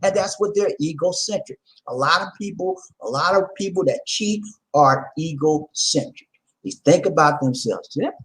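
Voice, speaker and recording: Animated man, lively swooping pitch. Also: moderate pace, rough recording. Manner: animated, laughing, repetitive and rhetorical. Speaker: vlog host. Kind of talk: casual monologue to viewers.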